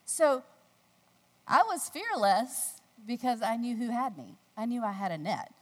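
Woman speaker, American, devotional talk, animated storyteller, higher voice, booming hall reverb. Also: a little slow. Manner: animated storytelling, acting out quotes in a squealing high voice. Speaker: speaker at a faith gathering.

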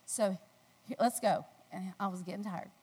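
A woman from the United States giving a devotional talk, telling a personal story with animated delivery and acting out the voices in the story. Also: normal speed, slightly rough. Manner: animated storytelling, acting out quotes in a squealing high voice. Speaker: speaker at a faith gathering. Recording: long hall reverb.

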